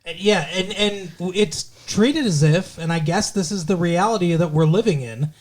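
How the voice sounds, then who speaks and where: A man's voice: high voice, normal speed. A middle-aged man co-hosting a podcast, chatting casually and rambling with jokes. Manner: rambling, jokey, breaks into singing. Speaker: podcast co-host. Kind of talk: casual chat.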